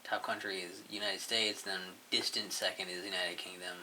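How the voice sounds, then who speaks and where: A man with a lowish, very bright and cutting voice, rambling casually through commentary on his own channel. He mumbles along and swears offhandedly, in a loose, unscripted way. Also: flat delivery, normal speed, slight background noise. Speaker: YouTuber reviewing his channel.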